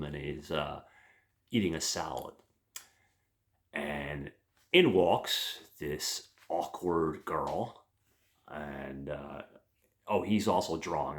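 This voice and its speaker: A man giving a casual, meandering movie review and addressing his listeners as guys. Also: very deep voice. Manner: meandering, hesitant.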